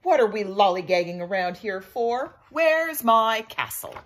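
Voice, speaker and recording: A woman voicing a bold, cheeky young female pirate princess in a storybook reading, pitched high and commanding. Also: lively intonation, a little slow, natural voice. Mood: brash. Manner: brash, commanding.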